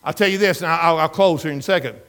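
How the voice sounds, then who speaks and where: A man's voice: a little high, fast, a bit bright, clean tone. A man preaching a sermon as pastor, telling a story with emphatic, repetitive delivery. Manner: emphatic storytelling preacher, repeats words, rises and falls in intensity.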